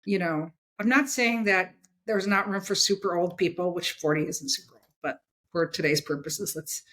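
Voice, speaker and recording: Her voice is on the low side and a bit bright, moving at a moderate pace. As a comics editor being interviewed casually, she's forceful and direct, regularly asking "okay?"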